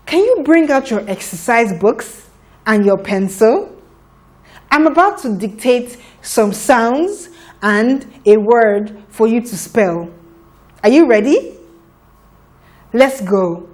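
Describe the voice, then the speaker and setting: Slow, patient woman teaching phonics. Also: fairly high pitch, darkish tone. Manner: patient, encouraging, sounds out letters. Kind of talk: slow children's phonics lesson.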